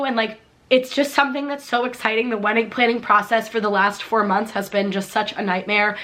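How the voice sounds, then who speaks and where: A woman's voice: medium pitch, normal speed, sharp tone. Earnest young woman vlogging. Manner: earnest and heartfelt, with a frequent "like". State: tearful at moments. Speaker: YouTube vlogger. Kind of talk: casual talk to camera.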